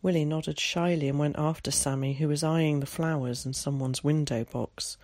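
Gravelly audiobook narrator. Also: medium pitch, fairly even intonation, normal speed, hardly any pauses, a little mellow, no echo. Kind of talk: scripted narration.

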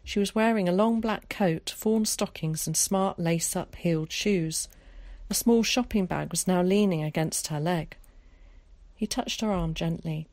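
A woman narrating an audiobook in a calm, measured way. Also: on the low side, no room sound.

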